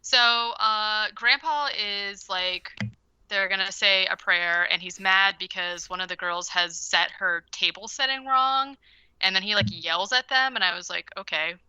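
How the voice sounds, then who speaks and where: A woman's voice: mid-range voice, measured pace, sharp tone, smooth, no room sound, dull audio. A woman co-hosting a podcast, casually recapping a movie in a rambling way, with lots of "like". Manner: rambling, heavy use of "like". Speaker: podcast co-host.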